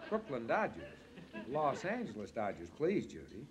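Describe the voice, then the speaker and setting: A man guest on a 1960s television variety show, telling lively stories with a gruff, animated storyteller's manner. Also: mid-range voice, normal speed, crowd noise. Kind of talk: anecdote-telling chat. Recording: 1963 studio show, audience behind.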